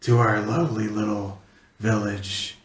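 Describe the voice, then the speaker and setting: A man voicing an old village master who speaks quietly and formally, with measured words. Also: on the low side, level tone, lightly acted. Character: old male village master, calm and stern. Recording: roomy with faint noise.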